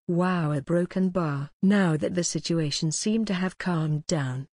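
A woman narrating an audiobook, reading in an even, steady way. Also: fairly low pitch, breathy edge, no room sound, studio quality. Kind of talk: scripted narration.

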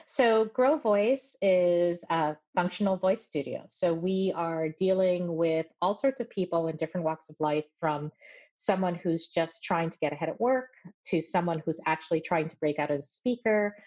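A woman who runs a voice studio, speaking as a guest in a measured, articulate and friendly way. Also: lowish voice, warm tone, highs cut off. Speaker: voice coach. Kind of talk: interview guest.

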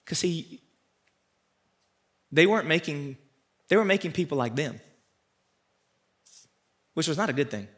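A man pastor preaching a sermon, swinging from loud emphatic peaks down to quiet asides to the congregation. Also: animated, a little slow, long pauses. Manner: preaches with sharp rises to loud emphatic peaks, then drops low and quiet.

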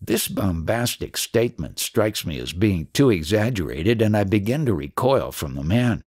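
A man narrating an audiobook in a measured, deliberate reading. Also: on the low side, very animated, a little mellow, slightly rough, dry recording, studio quality.

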